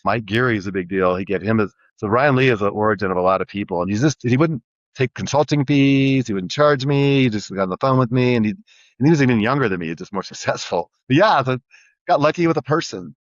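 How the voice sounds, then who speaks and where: A middle-aged man, a guest on an interview show, telling his story in an energetic, rambling way with lots of restarts. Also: medium pitch, fast, no room sound. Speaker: guest entrepreneur. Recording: dry, slightly dull sound.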